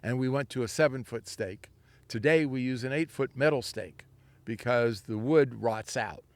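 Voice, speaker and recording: A man's voice: medium pitch, normal speed, no room sound. An older man from Southern California, a winery founder telling rambling, anecdotal stories in an interview. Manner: rambling, anecdotal, acts out quoted voices. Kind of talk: storytelling interview.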